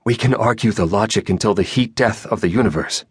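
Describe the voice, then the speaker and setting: A male audiobook narrator voicing a senior admiral who speaks in a measured, apologetic but firm way, recorded dry in a studio. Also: on the low side, breathy edge, no room sound.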